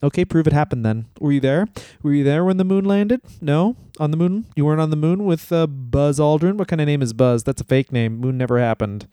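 A man's voice: on the high side, a little fast, hardly any pauses, mellow, clear, resonant tone, no room sound, close to an everyday voice. A man putting on a brusque, dismissive older wrestling boss in a mocking impression on a podcast. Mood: scoffing.

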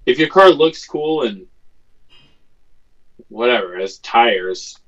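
A man's voice: mid-range voice, slow pace. A man chatting on a podcast, telling a story animatedly and with swearing. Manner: animated, profane, re-enacts quotes. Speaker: podcast co-host. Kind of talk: casual chat, storytelling. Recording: slightly dull lo-fi sound.

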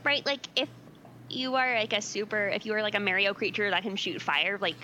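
A woman's voice: mid-range voice, fairly quick, sharp tone, slight background noise, low-quality recording. A woman co-hosting a podcast in casual chat, giggly and self-deprecating. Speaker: podcast co-host.

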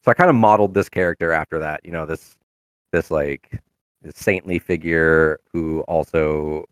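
Low-voiced man rambling casually. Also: normal speed, clean tone, no room sound, clean studio sound. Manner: rambling, full of fillers and restarts. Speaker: tabletop game player. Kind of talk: casual chat.

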